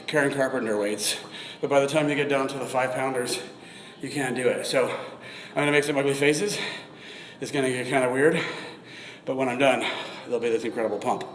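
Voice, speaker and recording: A man in his forties chatting casually through a live-streamed workout, swearing now and then and breathing heavily between sets. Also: mid-range voice. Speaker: fitness vlogger. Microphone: phone camera. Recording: echoey room with long reverb.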